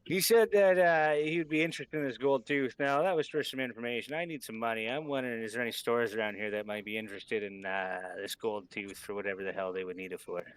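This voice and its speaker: A man's voice: medium pitch, fast talker, few pauses, clear, resonant tone. Man playing a tabletop character. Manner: casual, laughs a lot. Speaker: player.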